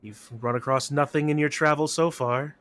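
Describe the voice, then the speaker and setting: A man narrating a tabletop game as game master, describing scenes in a slow, measured way. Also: a little high, steady tone, a bit bright, no room sound.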